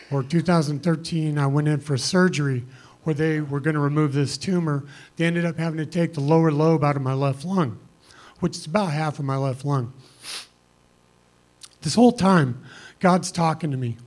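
Middle-aged man, fairly high pitch, plain-spoken and earnest; personal testimony to a congregation. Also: a little mellow. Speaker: church member giving testimony.

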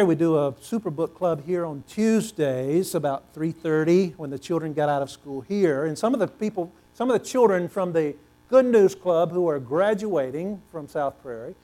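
A male pastor preaching a sermon, animated and asking the congregation questions, swinging between loud and hushed delivery. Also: fairly high pitch. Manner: repeats words for emphasis, asks the congregation questions.

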